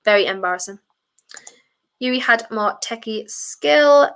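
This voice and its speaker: A woman streaming a football watchalong, chatting her opinions and breaking into shouts at fouls. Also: fairly high pitch, lively intonation, measured pace, smooth. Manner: passionate, blunt, chatty opinions. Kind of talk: live match commentary and fan chat.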